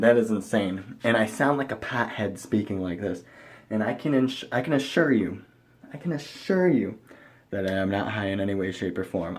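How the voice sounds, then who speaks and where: A young man from the area, rambling excitedly to camera in a casual vlog, bursting into loud enthusiasm then dropping to mumbled asides. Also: fairly low pitch. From Chicago area, USA. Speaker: vlogger.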